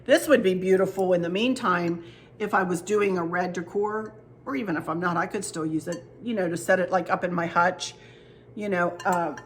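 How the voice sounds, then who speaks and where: This woman speaks on the lower side, and there's a slight hiss or hum in the recording. She's a home decor vlogger sitting at her kitchen table, chatting casually as she shows off gifts, telling stories and addressing her viewers directly.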